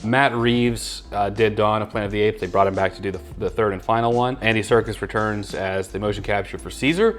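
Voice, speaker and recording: A young man hosting a movie reaction video, chatting casually with a playful, teasing manner. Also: on the low side. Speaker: host of a movie reaction channel. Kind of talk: casual chat.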